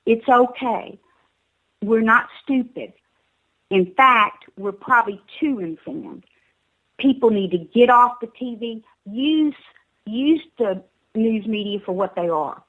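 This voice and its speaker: A woman's voice: fairly high pitch, lively intonation, takes it slowly, narrow, tinny audio. A woman with a Southern US accent calling in to a talk show. She urges listeners emphatically and often stumbles and repeats her words.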